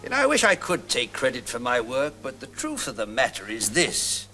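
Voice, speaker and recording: An actor playing a flamboyant, self-important middle-aged Victorian novelist in a 1970s TV sketch. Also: male voice, medium pitch, wildly swooping pitch, normal speed, bright, forceful tone, soft background music, heavily acted. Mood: lively. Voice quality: theatrical, grandiloquent delivery. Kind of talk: 1970s television sketch comedy.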